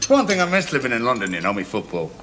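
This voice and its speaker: A man's voice: medium pitch, sing-song, a bit bright, soft background music. An actor playing a cocky young man with a Liverpool accent, arguing and mocking in a 1970s studio sitcom with audience laughter. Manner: mocking, argumentative, quick comebacks. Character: cocky young Liverpudlian son-in-law, quick to argue.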